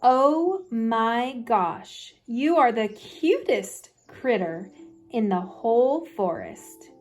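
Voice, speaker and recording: A woman voicing an excited young girl bear, sweet and pleading, in a storybook read-aloud with faint music behind. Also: extremely slow. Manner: high, eager and pleading.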